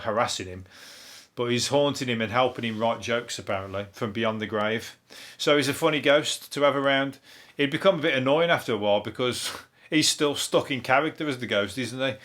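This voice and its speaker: In a casual, comedic news chat, a man with a mid-range, fairly bright voice hosts a comedy podcast. He rambles through the day's headlines, swearing a lot and laughing at his own jokes.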